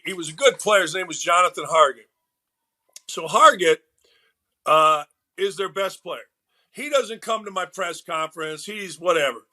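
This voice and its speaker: A middle-aged man and former coach, telling lively stories in a casual interview and acting out the people he quotes. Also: sits high. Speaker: podcast guest, former basketball coach and broadcaster. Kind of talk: animated storytelling in a casual interview.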